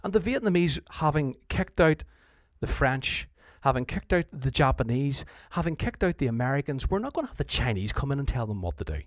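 A man's voice: mid-range voice, big pitch swings, brisk, few pauses, no echo, clean studio sound. A man explaining history in an informal, conversational way, often restarting his sentences and acting out what leaders said. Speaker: history teacher.

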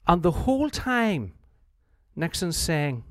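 A man's voice: on the high side, sing-song, slow pace, dry recording, studio quality. A man explaining history in an informal, conversational way, often restarting his sentences and acting out what leaders said. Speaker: history teacher.

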